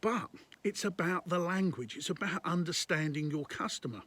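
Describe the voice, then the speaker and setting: Consultant guy talking business to camera, a bit raspy and on the higher side, keeps hammering his points home. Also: animated, moderate pace, a bit bright. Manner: conversational and emphatic, repeating points. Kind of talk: direct-to-camera business advice talk.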